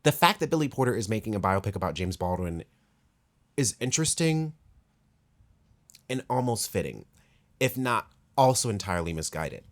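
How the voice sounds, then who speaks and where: A man delivering video essay commentary, impassioned and blunt, with sudden emphatic rises and long read-aloud passages. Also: on the low side.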